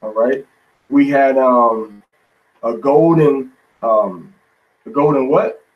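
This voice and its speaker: A man's voice: medium pitch, slow pace, distant mic, dull audio. A man teaching a Bible study in an informal, folksy sermon style, often tagging lines with "man".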